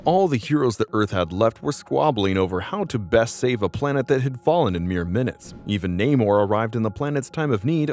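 Man narrating a comic story. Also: lowish voice. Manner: dramatic storytelling. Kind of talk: scripted narration.

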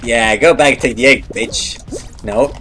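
Excitable swearing woman gamer, animated. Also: rumbling low, measured pace, soft background music. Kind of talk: let's play commentary.

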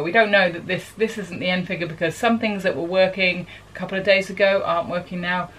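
A woman's voice: fairly low pitch, fairly even intonation, normal speed, a bit bright, slight background noise, rough recording. A woman from New Zealand with a New Zealand accent, a sailing vlogger talking casually and matter-of-factly to camera aboard a sailboat.

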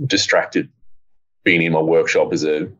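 A low-pitched man in relaxed podcast chat. He rambles with plenty of fillers and swears offhandedly. The audio sounds muffled and lo-fi. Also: measured pace. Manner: rambling, laid-back, swears casually. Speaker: co-host, bike part designer.

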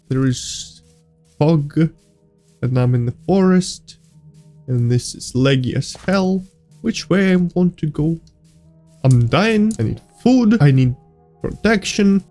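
High-pitched guy, slow and jumpy, freaking out at a horror game. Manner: excitable, yelps and laughs, non-native phrasing. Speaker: gaming YouTuber. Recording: faint music behind.

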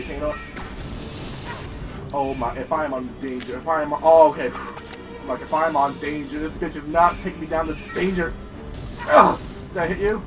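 Excitable young man yelling at a game. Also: fairly high pitch, brisk, pauses often, recorded from a distance, soft background music. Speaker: gameplay commentator. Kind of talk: let's play commentary.

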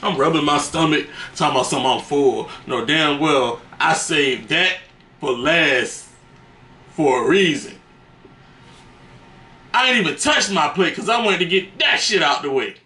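A man's voice: fairly high pitch, expressive, measured pace, pushed and bright. A man telling stories to the camera in a casual, slangy, profane way, laughing between them. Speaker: vlogger. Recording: roomy echo.

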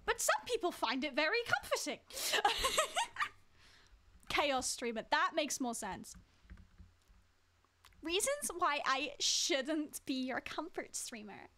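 A woman's voice: high-pitched, big pitch swings, slow pace, pauses often, pushed and bright. A woman streaming a game live, chatting casually with viewers and teasing them as she plays. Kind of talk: casual live-stream chat while playing.

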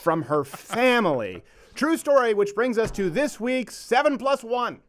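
A man's voice: very high-pitched, a little slow, background noise. A man hosting a comedic podcast, joking and laughing through the banter. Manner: animated, laughing, jokey delivery. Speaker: host.

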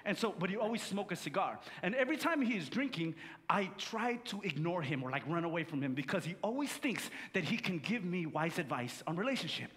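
A pastor from Samoa, preaching a sermon with animated storytelling and calling out to the congregation. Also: male voice, high-pitched, fairly quick. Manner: animated storytelling with audience call-and-response. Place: church sanctuary. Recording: long church-hall reverb.

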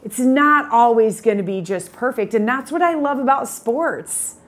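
Chatty, energetic woman business coach. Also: on the high side, normal speed. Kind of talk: motivational talk to camera.

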